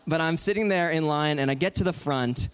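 A man in his twenties giving an animated, joking storytelling talk to an audience in a large auditorium. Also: on the high side, clean tone. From Southern California. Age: 20s. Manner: animated, joking, quick asides. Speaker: guest speaker.

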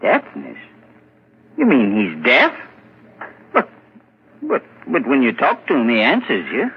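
A calm, easygoing village constable with a folksy, reassuring manner. His pitch is very lively. The old radio sound is thin and tinny, with a faint hiss. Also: slow pace, exaggerated voice. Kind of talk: 1940s radio acting.

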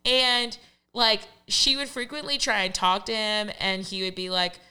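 A young woman co-hosting a casual chat podcast, animated and swearing freely as she acts out quotes. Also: mid-range voice, measured pace, clean tone. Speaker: podcast co-host. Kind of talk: casual chat about reality TV.

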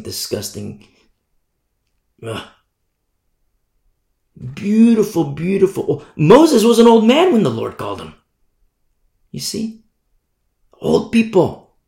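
A man preaching a sermon in an emphatic, indignant manner, often pausing to ask "you see?". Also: medium pitch, very animated, creaky, echoey room.

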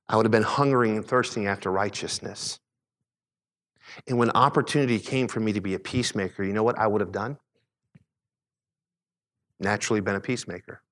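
A middle-aged man preaching a sermon, a pastor telling a personal story in a conversational, animated way. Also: big-room sound. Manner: conversational preaching, animated retelling with quick pitch swings.

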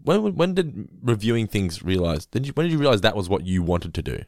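A man's voice: fairly low pitch, sing-song, brisk, no echo, clean studio sound. A man hosting a casual podcast, recapping an episode with chatty asides. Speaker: podcast host. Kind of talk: casual chat.

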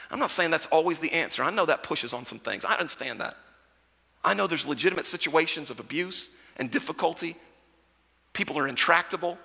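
A male pastor delivers a sermon in a gravelly, slightly husky voice that stays bright and forceful. He keeps it conversational, swinging from loud storytelling to hushed asides. His voice rings through a church sanctuary with a long reverb. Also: on the high side.

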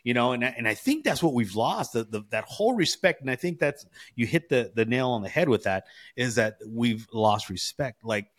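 A man in his forties from California, co-hosting a casual chat. He tells stories in a slangy, animated way, full of "bro" and "you know". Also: mid-range voice, normal speed, hardly any pauses. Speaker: podcast co-host.

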